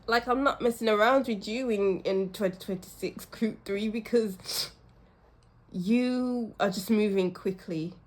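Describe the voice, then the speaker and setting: A tarot reader with a mid-range voice gives a casual pick-a-card reading, speaking a little slowly and directly to the viewer. She's effusive and emotional, laughs often, and is teary at times.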